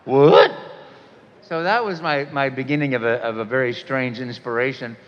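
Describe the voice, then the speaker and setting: A man's voice: mid-range voice, fairly quick. A man in his sixties telling stories to a convention audience, acting out quotes with sudden jumps in voice. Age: 60s. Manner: animated storyteller, acts out quotes with sudden jumps in voice. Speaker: voice actor guest speaker. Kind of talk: storytelling talk to a convention audience. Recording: dull sound with long hall reverb.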